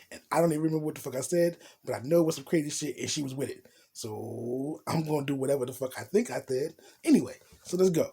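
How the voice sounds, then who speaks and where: A man's voice: fairly high pitch, dark tone, slightly rough. A young man telling a loose, profane story in casual street slang, as a vlogger.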